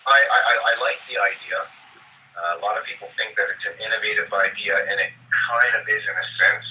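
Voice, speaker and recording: Low-voiced guy ranting opinions on a podcast, lots of uhs, sounds far off in a roomy space. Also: fairly even intonation, a little fast, dull audio. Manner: opinionated, talks at length with many uhs. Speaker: podcast guest. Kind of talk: casual podcast interview.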